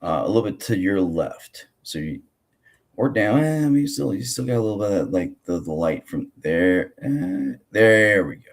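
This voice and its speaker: A man hosting a casual podcast, hoarse and froggy from a cold, rambling with lots of fillers and restarts. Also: deep voice, expressive, normal speed. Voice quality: froggy, gravelly. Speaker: podcast host.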